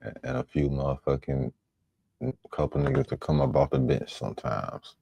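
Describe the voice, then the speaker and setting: Man, very low gravelly voice, husky, dry close sound; emphatic casual reaction talk. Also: fairly even intonation, moderate pace, warm tone, dry recording, muffled recording.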